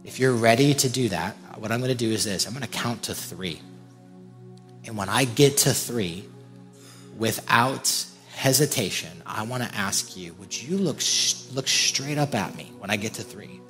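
Fervent low-voiced pastor in a church hall. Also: male voice, lively intonation, moderate pace, a bit bright. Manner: fervent, repetitive, emphatic. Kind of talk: sermon altar call. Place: large church hall with congregation. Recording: reverberant church hall with faint music.

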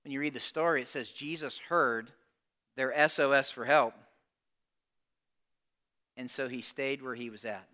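A man preaching a sermon, telling a story in an animated, conversational way and acting out the people in it. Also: medium pitch, unhurried, long pauses. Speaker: pastor.

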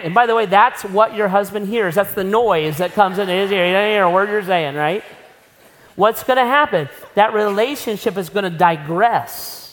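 A woman's voice: mid-range voice, normal speed. Woman preaching in an echoey hall. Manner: conversational, acts out scenes. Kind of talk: sermon. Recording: long reverb of a large hall.

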